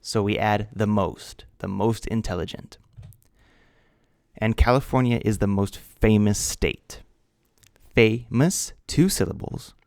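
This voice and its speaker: A man teaching an English grammar lesson, speaking slowly and deliberately, spelling out letters and repeating key words. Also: fairly low pitch, gravelly, darkish tone, no room sound, clean studio sound. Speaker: ESL teacher.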